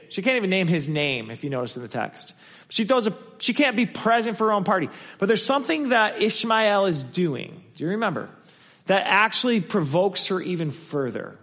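A man's voice: high-pitched, lively intonation, normal speed, a bit bright. A man preaching a conversational sermon as pastor, acting out the voices he quotes. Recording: long hall reverb.

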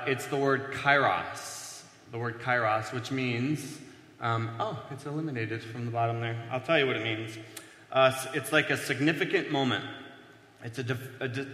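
A man with a bright, forceful voice preaches in a relaxed, chatty way, pausing on "uh" and "um" and poking fun at himself. His words ring through a large church hall, and the long reverb trails behind each phrase. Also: medium pitch. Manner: conversational, self-deprecating, many fillers. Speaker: pastor. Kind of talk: casual sermon teaching at a whiteboard.

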